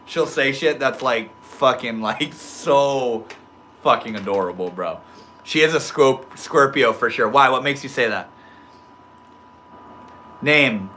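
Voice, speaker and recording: A man's voice: medium pitch, animated, takes it slowly, long pauses, pushed and bright, a little hiss or hum. A man chatting loosely with his livestream viewers, reading their comments aloud in slangy talk full of bro and dude. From Maine. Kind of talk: casual livestream chat.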